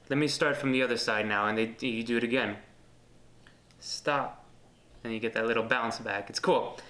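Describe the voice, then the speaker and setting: Young guy teaching a card trick, chatty and casual, mid pitch, kinda echoey room. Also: fairly bright tone. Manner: chatty, demonstrating while talking. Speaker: magic tutorial host. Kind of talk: casual tutorial explanation. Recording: roomy echo.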